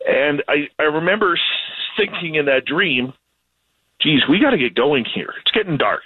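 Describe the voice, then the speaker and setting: A Canadian man, a radio host, telling stories in a casual, animated, self-deprecating way. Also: on the high side, breathy edge, no room sound, phone-quality sound. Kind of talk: casual storytelling conversation.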